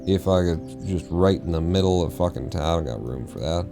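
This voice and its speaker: Man, gravelly, very low, casual streamer, profane rambling, faint background music. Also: expressive, normal speed. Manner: rambling, profane, mumbling to himself. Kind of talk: casual live-stream gameplay chatter.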